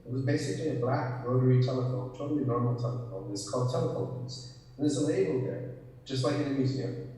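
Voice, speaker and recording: An older man, a guest author, telling a rambling, unhurried story with frequent restarts. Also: medium pitch, dark tone. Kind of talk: anecdotal storytelling in conversation. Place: theater stage. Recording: echoey hall, distant mic.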